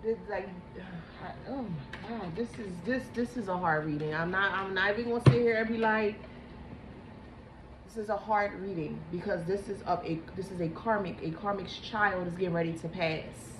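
A woman giving a psychic tarot reading, halting and emotional, repeating herself as she talks. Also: medium pitch. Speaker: tarot reader. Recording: echoey room with background noise.

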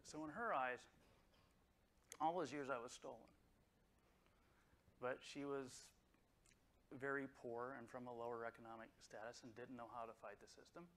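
A middle-aged man from the United States telling an emotional personal story at a conference, halting and full of fillers. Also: mid-range voice, creaky, fairly bright tone, slight background noise, rough recording. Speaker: conference speaker. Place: conference hall.

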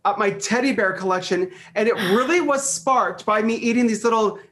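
A middle-aged man chatting as an interview guest, animated and storytelling, often repeating phrases, heard over a video call. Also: sits high, normal speed. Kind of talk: casual interview chat.

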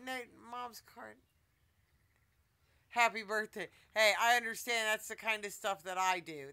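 A woman's voice: medium pitch, sharp tone, clear, resonant tone. A middle-aged woman casually vlogging at home, chatting and coaxing her pet monkeys.

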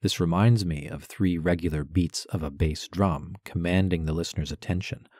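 A man giving a poetry lesson as a voice-over, measured and deliberate, carefully stressing syllables. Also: low voice, steady tone, a little mellow, no echo, studio quality. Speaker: poetry teacher. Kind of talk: instructional narration with poem recitation.

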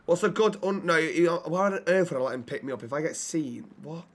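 Guy streaming gta rp, kinda high voice, laid-back chat with his viewers. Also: lively intonation, fairly quick. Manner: laid-back, chats with viewers, thanks subscribers. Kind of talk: casual gaming chat and roleplay.

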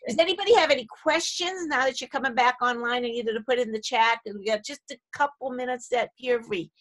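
A woman's voice: a little high, fast, a bit bright. A woman hosting a casual video call chat, friendly as she guides the talk and wraps it up. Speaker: host.

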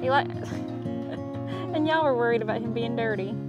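A woman's voice: a little high, unhurried, dull audio. A woman chatting casually in a farm vlog, gushing and laughing often, outdoors in a pasture. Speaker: vlogger on a donkey farm. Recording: roomy sound with guitar music behind.

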